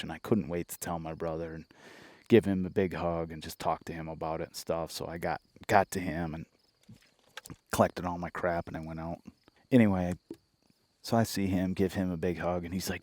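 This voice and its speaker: A podcast host from Michigan tells his story in a blunt, casual way, swearing freely. His voice sits very low. The sound is dry and close with no room echo. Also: steady tone, fairly quick, a little mellow. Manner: blunt, profane, conversational.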